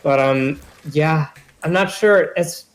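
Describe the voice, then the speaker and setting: A young man co-hosting a podcast, chatting casually in a relaxed, meandering way with frequent "like"s. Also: fairly high pitch, slow, poor audio. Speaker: podcast co-host. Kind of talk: casual chat.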